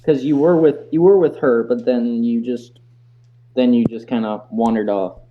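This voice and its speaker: A man runs a tabletop game, narrating the scene in a mid-pitched voice. He stumbles and restarts his sentences as he goes. The recording sounds dull and lo-fi. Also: steady tone, slight background noise. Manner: halting, restarts phrases often. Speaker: game master.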